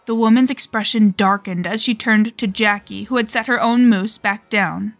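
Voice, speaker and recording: A woman's voice: mid-range voice, fairly even intonation, normal speed, no room sound, faint music behind. A woman with a Southern US accent narrating a first-person horror story in a tense, dramatic way.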